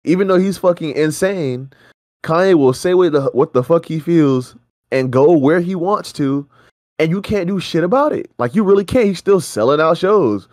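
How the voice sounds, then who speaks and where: A man's voice: fairly high pitch, animated, moderate pace, a little mellow, no echo, clean studio sound. A man co-hosting a reaction show, ranting in heated, profane casual chat.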